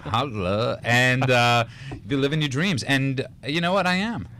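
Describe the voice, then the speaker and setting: A man's voice: medium pitch, unhurried, sharp tone, a little hiss or hum. A man co-hosting a casual radio talk show, telling stories in a rambling way with many restarts and laughs. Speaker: radio co-host.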